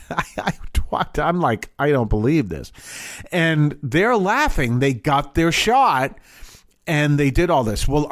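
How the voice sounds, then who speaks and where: A man's voice: medium pitch, no room sound, clean studio sound. A man hosting a podcast, telling stories in a casual, rambling way with restarts and chuckles. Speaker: podcast host. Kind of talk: casual storytelling.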